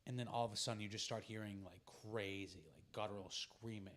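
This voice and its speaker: A man's voice: on the low side, fairly even intonation, quick pace, fairly bright tone. A man hosting a casual podcast chat, retelling a film's plot in a rambling way, acting out the characters' lines and swearing freely. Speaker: podcast host.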